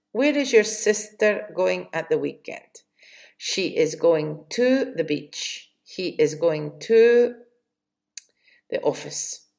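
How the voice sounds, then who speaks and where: A woman with a Spanish accent teaching English vocabulary, slowly reading questions and answers in drills. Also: mid-range voice, creaky. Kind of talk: slow vocabulary lesson.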